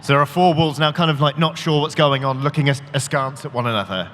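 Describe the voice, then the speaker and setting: A man narrating as game master in a live tabletop game on stage, animated and joking, with many fillers. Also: a little high, quick pace, slight background noise. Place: large convention hall. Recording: live hall reverb with audience murmur.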